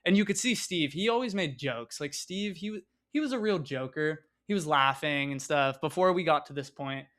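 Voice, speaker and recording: A man's voice: a little high, moderate pace, hardly any pauses, a bit bright. Young man telling a rambling story. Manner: rambling, filler-heavy, swears freely. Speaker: vlogger. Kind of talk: casual storytime narration.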